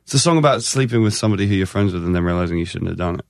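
Give me a fast-talking, low-voiced man. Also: vocal fry, no echo, studio quality. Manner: swears freely, fast and animated storytelling. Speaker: musician guest. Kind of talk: casual interview chat.

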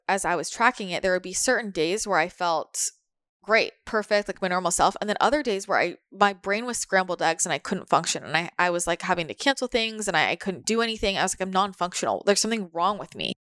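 A woman's voice: on the low side, expressive, quick pace, fairly bright tone, no room sound, studio quality. A woman talking candidly in a casual podcast chat, swearing now and then and acting out her own inner voices. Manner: candid, swears, acts out quotes.

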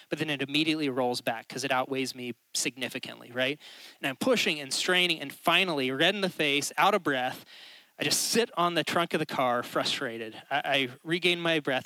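A male pastor giving a sermon in a relaxed, storytelling way, often checking in with his listeners. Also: on the high side, no room sound, low-quality recording. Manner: conversational storytelling, keeps checking in with the crowd. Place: church.

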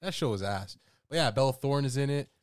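A man loosely pitching a movie on a podcast, rambling with crude language. His voice sits at a middling pitch, recorded close and dry. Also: lively intonation, a little fast, no room sound. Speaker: podcast co-host. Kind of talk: casual chat.

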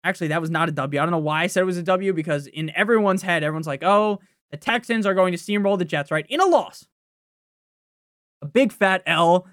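A young man hosting a fantasy football podcast, ranting casually with profanity and sudden loud outbursts of frustration. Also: high voice, fast, hardly any pauses, no echo, studio quality.

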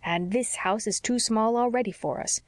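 A sensible housekeeper chatters on briskly and cheerfully, as a woman reading the story puts her on. Her manner is plain and matter-of-fact, heard dry and close. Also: a little high, dry recording, lightly acted.

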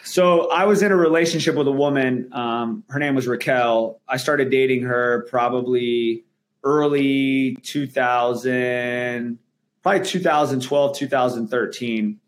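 A man's voice: medium pitch, a little slow. Male guest; earnest, emphatic talker with frequent restarts. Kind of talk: candid interview conversation.

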